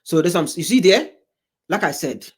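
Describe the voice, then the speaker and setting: A man's voice: high-pitched, expressive, moderate pace, slightly rough. Rambling African man reacting to clips. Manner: rambling, repeats himself, exasperated asides. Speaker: commentator reacting to a debate show. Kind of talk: casual reaction commentary.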